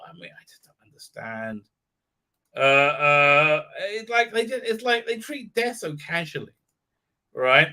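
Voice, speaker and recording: Guy ranting thru a show recap, doing silly voices for everyone, kinda high bright voice. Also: normal speed. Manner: mocking, acts out characters in silly voices, many fillers. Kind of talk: live stream commentary.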